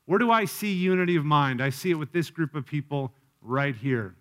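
A man's voice: a little high, animated, moderate pace, a bit bright. A man preaching a sermon as pastor, earnest and personal, often asking the congregation direct questions.

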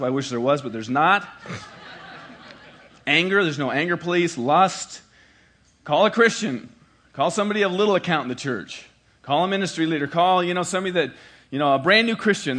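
A man's voice: mid-range voice, fairly bright tone. A man, a pastor, preaching a sermon in a conversational way and repeating key lines for emphasis.

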